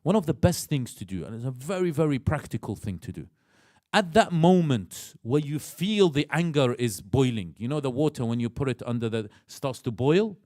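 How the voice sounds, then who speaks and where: A man with an Iraqi accent gives a religious lecture in a mosque. His delivery is animated, and he acts out inner voices and questions his listeners. The sound is dry and close, with a mid-pitched voice. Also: moderate pace, no room sound.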